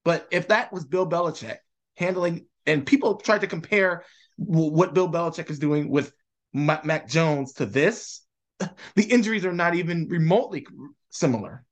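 A man on a sports podcast speaks in halting, rambling bursts and adds wry jabs. His voice runs a bit higher than most men's. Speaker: podcast co-host. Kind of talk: casual sports talk.

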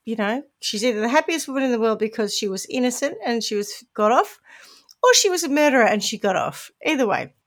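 A woman's voice: on the high side, lively intonation, quick pace. A woman with a New Zealand accent, co-hosting a podcast and telling a true-crime story in a chatty, wry way. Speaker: podcast co-host presenting the case. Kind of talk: casual chat.

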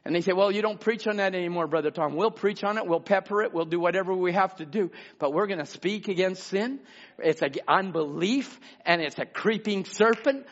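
Man, pastor, fervent sermon, high voice, gravelly, quiet to shouting, muffled lo-fi recording. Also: a little fast. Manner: fervent preaching, swings from quiet talk to shouting.

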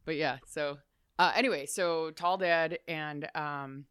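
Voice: medium pitch, slow pace, a bit bright, smooth, no echo, studio quality. A guest from Chicago telling stories in a casual interview, rambling with lots of "like" asides. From Chicago, USA. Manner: chatty, rambling, full of "like" asides.

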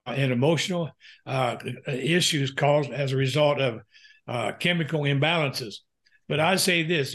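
An older man, a pastor and counselor, telling a candid personal story in an interview, earnest and halting with frequent fillers. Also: fairly high pitch, fairly bright tone.

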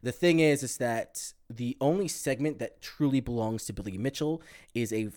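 A man co-hosting a podcast, talking in a loose, profane, animated way with plenty of fillers. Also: mid-range voice, normal speed. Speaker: podcast co-host. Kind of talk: casual chat.

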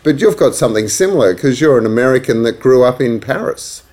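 A man's voice: medium pitch, animated, brisk, darkish tone. Australian man hosting a chatty interview. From Australia, grew up in Asia Pacific. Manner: friendly, chatty, laughs easily. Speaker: podcast host. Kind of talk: conversational interview.

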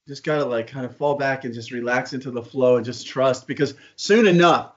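A man's voice: medium pitch, a little fast. A man co-hosting a casual spiritual podcast, talking in a rambling way and often restarting his sentences. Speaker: co-host. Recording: dull lo-fi sound.

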